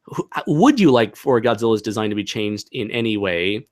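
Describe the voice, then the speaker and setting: A man's voice: lowish voice, animated, brisk. A young man hosting a casual livestream Q&A, rambling and laughing, with many fillers. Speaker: channel host.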